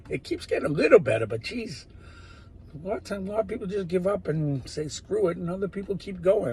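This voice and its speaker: A man talking in a rambling monologue, drifting between loud bursts and muttered, whispered asides. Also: a little high, gravelly, husky. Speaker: solo talker.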